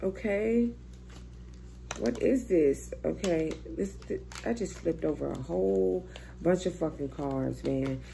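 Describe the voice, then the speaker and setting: A woman's voice: lowish voice, takes it slowly, vocal fry, dark tone. A young woman doing a casual, chatty tarot reading, swearing freely and thinking aloud as she turns cards. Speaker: tarot reader.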